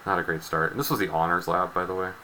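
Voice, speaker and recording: A deep-voiced young man teaches a chemistry lesson with a dry, joking storytelling streak. His tone is bright and forceful, with a faint hiss under the recording. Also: fairly even intonation, fast talker, rough recording. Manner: wry storytelling, acts out students' voices.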